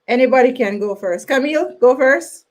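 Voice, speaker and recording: A woman's voice: high voice, moderate pace, a little mellow. A woman hosting an online talk show, chatting casually with many fillers and laughs. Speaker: host.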